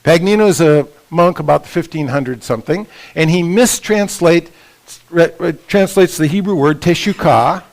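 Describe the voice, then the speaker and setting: Older guy teaching bible stuff to a room, highish voice, keeps asking "right? okay?". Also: normal speed, poor audio. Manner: lively, asks the audience for agreement. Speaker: retreat teacher. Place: conference room at a resort.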